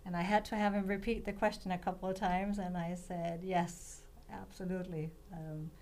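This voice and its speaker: A woman's voice: fairly low pitch, flat delivery, normal speed, a little mellow. Earnest woman in her fifties from Denmark. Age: 50s. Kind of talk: casual radio interview.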